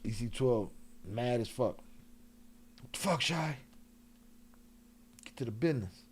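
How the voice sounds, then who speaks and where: A man's voice: medium pitch, lively intonation, measured pace, a little hiss or hum. A man hosting a live stream in loose, joking slang, laughing often, a few drinks in. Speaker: livestream host. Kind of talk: casual live-stream chat.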